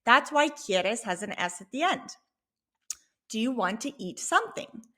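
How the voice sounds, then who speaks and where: A woman teaching a Spanish lesson, explaining a sample dialogue clearly and patiently. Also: on the high side, big pitch swings, bright, forceful tone. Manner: clear, patient, slow when modeling Spanish phrases.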